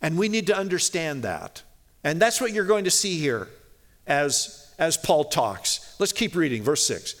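A man teaching a Bible passage in a sermon, reading verses slowly and explaining them in a casual way, with many fillers and restarts. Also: fairly high pitch, very animated, fairly bright tone. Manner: conversational, many "you know" fillers and restarts; reads scripture slowly and deliberately.

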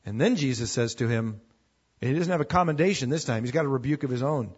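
A male preacher delivers a sermon in a chatty, storytelling way, slipping into voices for the people in the passage. His husky voice sits somewhat higher than a typical man's. The recording is dull and lo-fi. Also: lively intonation, quick pace. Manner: conversational, acts out scripture dialogue.

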